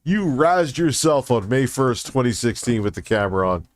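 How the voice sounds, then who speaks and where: A man's voice: sing-song, moderate pace. Profane, mocking male streamer. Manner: mocking, swears a lot, jumps into loud high rants. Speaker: streamer reacting to clips. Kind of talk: profane reaction commentary.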